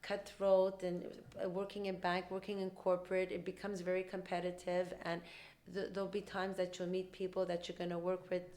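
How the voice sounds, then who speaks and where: A woman hosting a podcast, talking quickly and animatedly in casual conversational storytelling and acting out what other people said. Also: on the low side. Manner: rapid, animated talk, acting out quoted dialogue. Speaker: podcast host; mother.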